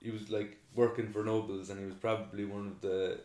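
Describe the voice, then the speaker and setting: A man's voice: on the low side, flat delivery, fairly quick, a little mellow. A man, co-hosting a podcast in loose casual chat, swearing freely and leaning on fillers. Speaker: podcast co-host. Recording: roomy echo.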